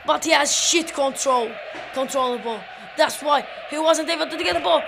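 A high, bright-voiced woman calls a football video game in a rush of shouted play-by-play, barking orders at her players. The home recording carries a clear hiss of noise behind her. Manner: shouty, rapid play-by-play, frequently yelling at players. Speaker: gameplay commentator. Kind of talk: excited football game commentary.

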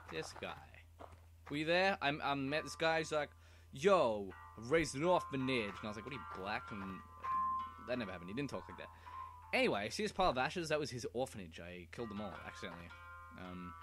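A young man rambles through a playthrough, cursing and muttering to himself, his pitch swinging widely. Loud game music plays under his voice. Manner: rambling, swears a lot, mumbles asides. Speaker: let's play gamer. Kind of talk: casual gameplay commentary.

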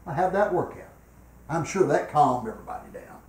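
An older man preaching a revival sermon in a church, swinging between loud, emphatic exhortation and quiet personal storytelling. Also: medium pitch, animated, moderate pace. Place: church sanctuary. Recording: echoey church room.

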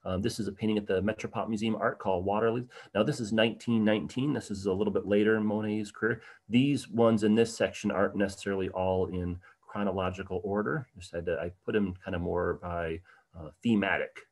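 A man talking fast in a darkish, steady voice on the low side gives an art history slideshow lecture on a livestream. His style is conversational, sprinkled with ums and uhs, and he takes questions from the chat.

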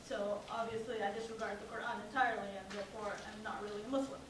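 Speaking a little fast in a fairly high voice with hardly any pauses, a young adult student gives a personal talk in a campus lecture hall. Her humor is sarcastic and self-mocking. Since she's off the mic, the audio is distant, very echoey, and noisy.

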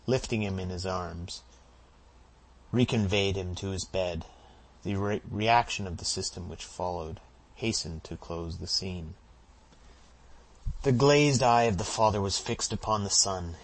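A man reading a classic novel aloud as an audiobook narrator, giving the characters' shouted lines dramatic force. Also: low voice, low-quality recording. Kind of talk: scripted narration.

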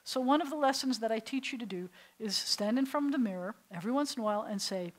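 Fairly high-pitched, expressive, and fast, a woman talks over a rough recording. The middle-aged rabbi is leading adults through a beginners' Hebrew lesson in a synagogue classroom, mixing stories with questions for the group.

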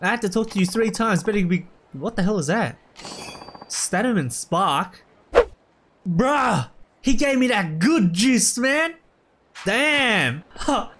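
A man giving casual, excitable gameplay commentary, full of slang and shouts at the game. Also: high voice, slow pace, slight background noise. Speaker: let's play gamer. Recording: loud game music underneath. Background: game music.

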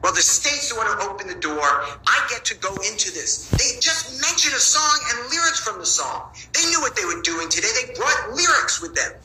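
A man pleads with a judge as a defense attorney, stubborn and repeating himself. His voice is very bright and cutting. The courtroom rings with echo around him. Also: high-pitched, sing-song, moderate pace, hardly any pauses, slight background noise.

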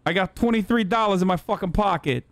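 A man streaming a game live, profane and excitable, talking to his chat and to other players. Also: sits high, quick pace, no room sound.

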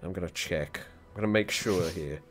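Guy streaming games, lowish voice, dry grumbly chat, faint music underneath. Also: fairly quick. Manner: grumbling, wry, chatty. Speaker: streamer host. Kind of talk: casual gaming stream chat.

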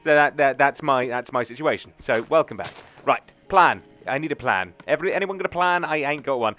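A man's voice: mid-range voice, expressive, fairly quick, bright, forceful tone, faint music behind. A young man, rambling and joking through casual let's play commentary. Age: young adult. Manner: rambling, chatty, jokey. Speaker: gaming commentator.

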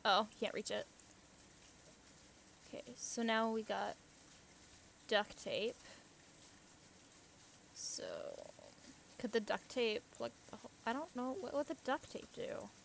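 A woman's voice: fairly high pitch, steady tone, slow, creaky, pauses often, a little hiss or hum. A young woman thinking aloud as she plays a puzzle game, chatty, gasping and squealing at what happens on screen. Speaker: gamer. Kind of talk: casual let's play commentary.

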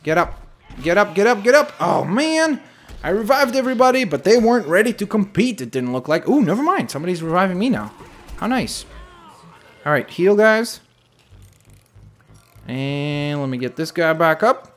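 A young man giving casual running commentary over a shooter game, animated and quick to exclaim when things go wrong. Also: high-pitched. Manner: animated, exclaims at setbacks, jokey asides. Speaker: gameplay commentator. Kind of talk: gameplay commentary.

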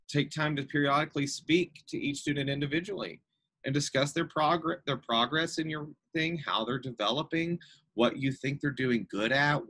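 A man's voice: mid-range voice, fairly bright tone. A man who directs a school theatre program, giving an earnest, encouraging conference talk with many fillers. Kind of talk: conference presentation.

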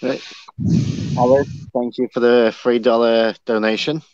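A man hosting a casual livestream, reading out donations and tossing in brief, relaxed questions. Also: medium pitch, measured pace, clear, resonant tone, no room sound. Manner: relaxed, brief interjections and read-outs. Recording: dull, dry lo-fi stream audio.

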